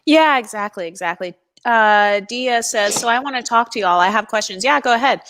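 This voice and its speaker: A woman's voice: on the high side, normal speed, a bit bright. A woman co-hosting a casual livestream, agreeing readily and reading viewer comments aloud. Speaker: co-host.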